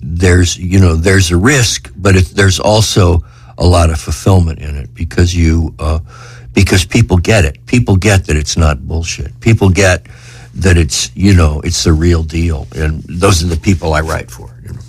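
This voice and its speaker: A middle-aged man, an author, reading his own essay with feeling and then talking in a halting, earnest way. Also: low voice, fairly even intonation, darkish tone, slightly rough. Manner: earnest, emotional reading; halting, filler-heavy talk. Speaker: author and guest. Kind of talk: reading aloud, then conversation.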